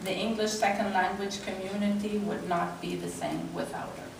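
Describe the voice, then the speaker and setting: A woman's voice: mid-range voice, very animated, normal speed, vocal fry. Emotional woman presenter in an echoey hall. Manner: emotional, laughing, near tears. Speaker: award presenter. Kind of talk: reading a tribute speech. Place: large convention hall. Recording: echoey hall, distant mic, noisy.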